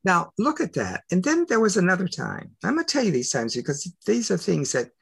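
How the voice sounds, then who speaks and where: An older man telling personal stories as an interview guest, emphatic and full of rhetorical questions, with a gravelly voice. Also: high voice, wildly swooping pitch, fairly quick, fairly bright tone. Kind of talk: animated personal storytelling.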